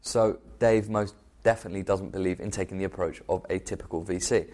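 Deep-voiced male podcast host narrating. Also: fairly even intonation, a little fast, darkish tone. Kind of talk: scripted narration.

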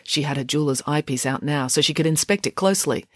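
A woman reading a children's novel aloud with lively expression. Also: quick pace, no echo, clean studio sound. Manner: lively, voices dialogue with big pitch swings. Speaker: audiobook reader.

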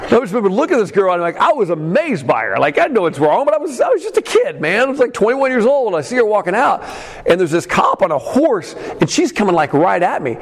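A man preaching a sermon as a pastor, telling a personal story with many fillers and some shouted peaks. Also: high-pitched, wildly swooping pitch, fast. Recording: long hall reverb.

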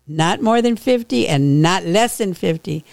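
A woman podcast host and author reading her own novel aloud in a slow, unhurried storytelling manner. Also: on the low side, animated, gravelly, darkish tone, no echo.

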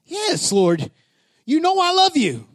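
Brief: earnest, guilt-ridden Peter, put on by a high-voiced male preacher. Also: huge pitch swings, takes it slowly, exaggerated voice. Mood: pleading.

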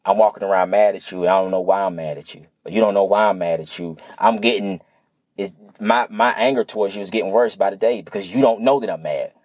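A young motivational speaker talks earnestly and casually to listeners about communication in an unscripted monologue, repeating his points in plain conversational slang. His voice is low, fast and a little mellow, with no room sound.

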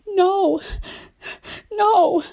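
A woman's voice: extremely high pitch, very slow, vocal fry, warm tone, voice pushed up, heavily acted. A woman voicing a cunning male rattlesnake who begs to be carried to safety. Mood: pleading. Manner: begging, then hissing.

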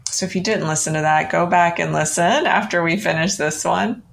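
A middle-aged woman hosting a podcast, gently and encouragingly guiding listeners through a self-love exercise. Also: lowish voice, moderate pace, gravelly, slight background noise. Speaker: podcast host.

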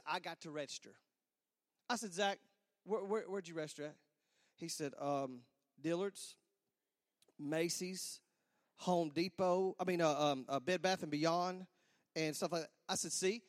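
Animated man telling a story. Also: extremely high pitch, no echo, studio quality, in a large hall. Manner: animated, repeats himself, acts out sound effects. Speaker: speaker telling a comic wedding story. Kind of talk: stand-up storytelling to a church audience.

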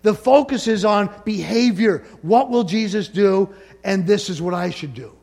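A man preaching a sermon as pastor, animated and playful, asking the congregation for responses. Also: sits high, normal speed, vocal fry. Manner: animated preaching, rising and falling emphasis, call-and-response asides.

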